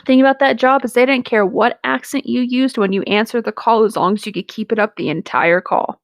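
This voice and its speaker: A woman's voice: a little high, fairly even intonation, a little fast, no echo. Blunt, swearing woman on dry mic. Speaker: creepypasta reader and podcast host. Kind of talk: casual chat.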